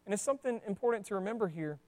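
A man preaching a sermon in a conversational, animated way, with asides to the congregation. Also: sits high, rapid-fire. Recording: long church hall reverb.

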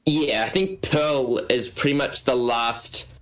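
A man's voice: mid-range voice, animated, takes it slowly, a bit bright, soft background music. Chatty man with a mid-range voice. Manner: chatty, explains things and laughs along. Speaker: podcast guest. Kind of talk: casual group chat.

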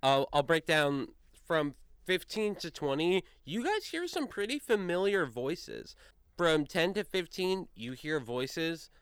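A man running a tabletop game as game master, narrating in a relaxed, meandering way. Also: a little high, takes it slowly, smooth, no room sound, studio quality.

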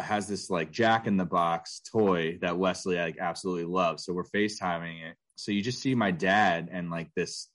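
A man's voice: low voice, a bit bright. A man in his thirties co-hosting a casual podcast, rambling with lots of filler words. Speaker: podcast co-host. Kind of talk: casual chat.

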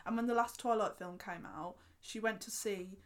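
A young woman, co-hosting a casual podcast chat, animated and laughing, swearing casually. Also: medium pitch, moderate pace. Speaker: podcast co-host.

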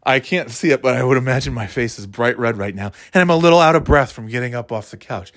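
A man's voice: medium pitch, quick pace, fairly bright tone, no echo, studio quality. A man vlogging at home, talking in a rambling, self-deprecating, casually profane way. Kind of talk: casual monologue to camera. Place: at home in a living room.

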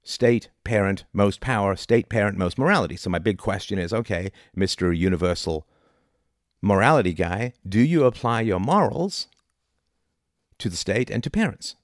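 Middle-aged guy, deep low voice, dry close sound, arguing philosophy with lots of "right?". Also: expressive, moderate pace, no echo. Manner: argumentative, rhetorical, many "right?" asides. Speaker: philosophy lecturer. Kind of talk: informal philosophy talk.

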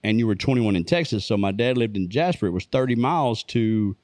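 A man telling a story in casual conversation, plain-spoken and relaxed. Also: lowish voice, a little fast, no room sound. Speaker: co-host.

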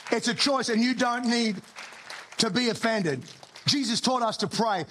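High-voiced Australian pastor preaching. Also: male voice, animated, measured pace, fairly bright tone. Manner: conversational preaching with humorous asides and repeated restarts. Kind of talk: sermon. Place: church before a congregation.

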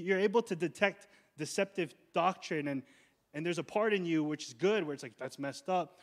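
A male pastor preaching a sermon in a conversational, urgent way, slowing down on key words. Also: on the high side. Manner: conversational preaching, slows down for emphasis.

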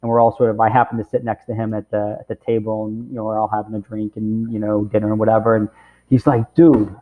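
A man's voice: lowish voice, completely flat delivery, fast talker. A man in his forties, a camp director, telling a long personal story in an interview, rambling and filling his talk with "you know" and "right?". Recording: tinny phone-like audio.

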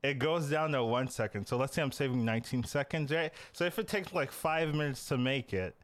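A man hosting a casual podcast, animated and chatty, often restarting his sentences. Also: medium pitch. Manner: animated, quick back-and-forth, restarts. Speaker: podcast host.

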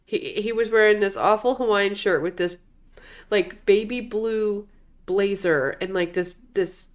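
A woman's voice: medium pitch, unhurried. A woman co-hosting a podcast, chatting casually about a movie. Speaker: podcast co-host. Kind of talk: casual chat reviewing a movie.

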